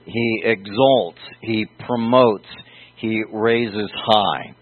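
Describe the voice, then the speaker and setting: Brief Male Bible teacher, slow, deliberate sermon delivery, dry phone-like sound. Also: lowish voice, fairly even intonation, no echo. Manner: slow, deliberate, explaining word meanings. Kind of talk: verse-by-verse sermon.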